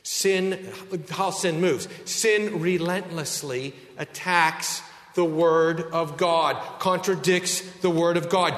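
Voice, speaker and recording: A man preaching a sermon as pastor, emphatic, slowing down to stress key words. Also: sits high, fairly bright tone, reverberant, long reverb tail.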